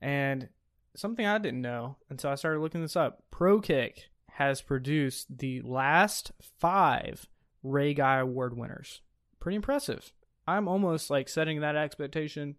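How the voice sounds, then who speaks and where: A man's voice: a little high, animated, unhurried, fairly bright tone. A young man co-hosting a casual sports podcast, chatty and enthusiastic, with frequent ums and uhs. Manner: chatty, enthusiastic, with many fillers. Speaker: podcast co-host.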